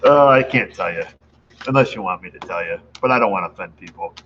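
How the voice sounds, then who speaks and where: A man's voice: deep voice, animated, quick pace. Middle-aged shop guy from new york chatting to viewers, keeps chuckling, faint noise behind him. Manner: rambling, laughs at own stories. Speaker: auto shop owner, channel host. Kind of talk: casual chat to viewers. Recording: dull lo-fi sound with faint background noise.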